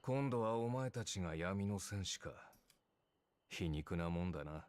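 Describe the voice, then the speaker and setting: A man's voice: deep voice, expressive, brisk, darkish tone. An actor playing a brash young male warrior spirit in a video game, who talks in a blunt, offhand way.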